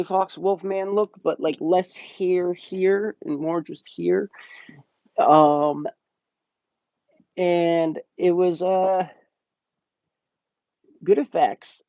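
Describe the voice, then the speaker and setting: A man's voice: fairly high pitch, dry recording. A young man casually reviewing a movie on a live stream, rambling and swearing, often laughing. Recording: slightly muffled dry stream audio.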